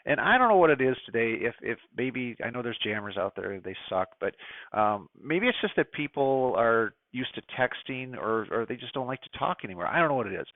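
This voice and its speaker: A middle-aged man talks casually to a ham radio club, chatty and opinionated, with lots of asides and fillers. His voice sits at an ordinary pitch. The sound is dry and narrow, like a phone line. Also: dry recording. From United States. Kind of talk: casual presentation talk.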